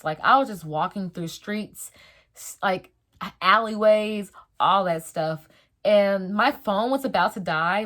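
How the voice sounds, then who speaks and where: A young adult woman telling a story in a casual storytime vlog, slangy and animated, acting out the voices of the people in it. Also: medium pitch. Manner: animated, slangy, dramatic retelling. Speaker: vlogger.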